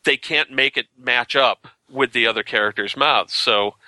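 A man discussing films casually, explaining points in a measured way. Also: mid-range voice, pushed and bright, no echo. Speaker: podcast co-host.

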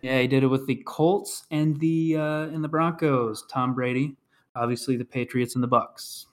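A man's voice: mid-range voice, fairly even intonation, normal speed. A man hosting a casual podcast trivia game, reading clues and announcing scores.

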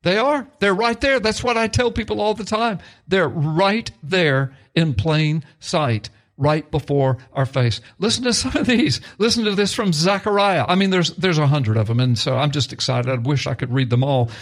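A middle-aged male pastor teaching excitedly on a talk show, reading scripture aloud with rising emphasis. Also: sits high, brisk, hardly any pauses.

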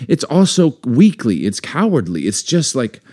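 A man co-hosting a casual podcast chat, animated and jokey, full of quick asides. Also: mid-range voice. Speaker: podcast co-host.

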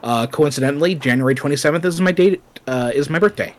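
A man's voice: a little high, fast talker. A man co-hosting a casual podcast chat, talking loosely with many fillers and asides as he reads from his notes. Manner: chatty, lots of fillers and asides. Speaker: podcast co-host.

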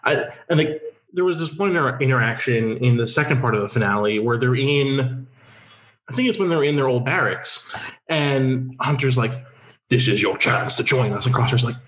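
A man's voice: mid-range voice, normal speed, a bit bright. Joking man with a roomy echo. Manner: joking, wry, hesitant starts. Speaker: podcast co-host. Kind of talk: casual chat.

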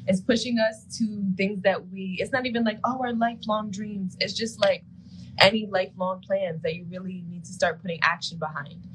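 A woman's voice: mid-range voice, fairly even intonation, moderate pace, a bit bright, slight background noise, low-quality recording. A woman co-hosting a casual live-stream show and breaking down astrology, talking loosely with lots of "like" and often laughing. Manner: chatty, uses "like" a lot, laughs often. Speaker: co-host.

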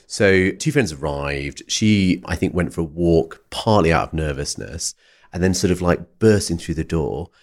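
A man's voice: deep voice, lively intonation, moderate pace. A man hosting a podcast, telling an anecdote in a rambling way with lots of "sort of" and "like". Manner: rambling, hedges a lot with "sort of" and "like". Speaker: podcast host. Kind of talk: casual storytelling interview.

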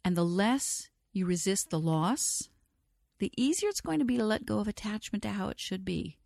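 A woman teaching about aromatherapy in a gentle, reassuring talk, speaking straight to the listener. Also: medium pitch, lively intonation, normal speed, creaky, dry recording, studio quality.

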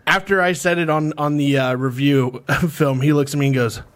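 A man's voice: fairly high pitch, fairly even intonation, moderate pace. A man co-hosting a podcast, chatting casually and playfully, often laughing. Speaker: podcast co-host. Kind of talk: casual chat.

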